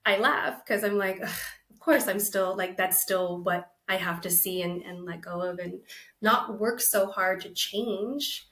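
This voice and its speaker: A woman guest on a podcast, speaking slowly and thoughtfully about personal growth. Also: mid-range voice, fairly bright tone, reverberant. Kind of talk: reflective conversational interview.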